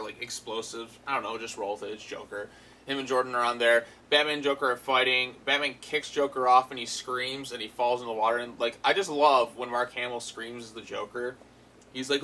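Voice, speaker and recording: A man's voice: medium pitch, pushed and bright, a little hiss or hum, low-quality recording. A man giving a casual, rambling review of a cartoon episode, full of fillers and amused asides.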